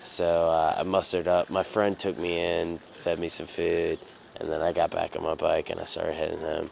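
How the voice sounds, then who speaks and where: Young man, low pitch, gravelly, rambling anecdote, lots of fillers. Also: monotone, moderate pace, a little mellow, slight background noise. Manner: rambling, many fillers and restarts, casual swearing. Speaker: storyteller. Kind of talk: casual personal anecdote.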